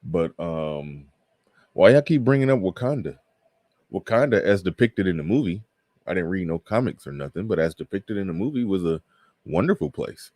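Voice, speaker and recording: A man's voice: sits low, lively intonation, moderate pace, a little mellow, dry recording, clean studio sound. A man hosting a casual livestream, reading viewer comments aloud and riffing on them with frequent laughs. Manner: reads viewer super chats aloud and riffs; laughs often, trails off mid-thought. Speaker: livestream host.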